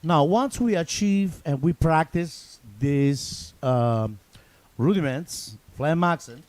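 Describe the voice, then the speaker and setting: A man's voice: on the high side, expressive, slow pace, a little mellow. A man with an Italian accent teaching drum rudiments in a loose, chatty way, with repeats and restarts. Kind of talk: casual spoken drum lesson.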